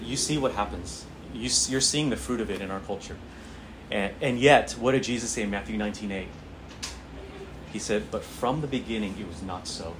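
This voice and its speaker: A man's voice: on the low side, a little hiss or hum. Man teaching a Bible class, "okay?". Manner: conversational, repeats phrases, frequent "okay?" check-ins.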